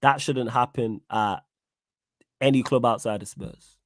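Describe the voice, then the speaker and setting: A man's voice: medium pitch, a little slow, a bit bright, dry recording, studio quality. A man co-hosting a football talk stream, pushing back with questions and asking the chat for facts. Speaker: co-host of a football talk show. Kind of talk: casual debate on a livestream.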